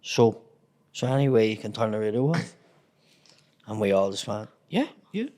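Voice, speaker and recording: A man's voice: fairly low pitch, normal speed, darkish tone. A man with a Belfast accent, a comedian guest telling profane, laughing stories in casual chat.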